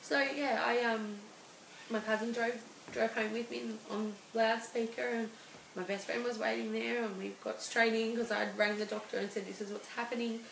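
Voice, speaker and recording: Gravelly-voiced woman, halting. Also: a little high, fairly even intonation, fairly bright tone. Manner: halting and emotional, many restarts. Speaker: guest. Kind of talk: personal interview. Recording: roomy studio with faint hiss.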